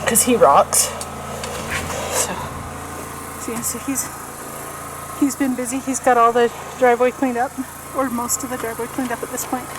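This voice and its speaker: A woman's voice: on the high side, steady tone, moderate pace, pauses often. Chatty woman vlogging at a cabin. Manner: chatty, lots of fillers and "so". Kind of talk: casual vlog narration. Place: snowy cabin, indoors and out. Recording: noisy camera audio.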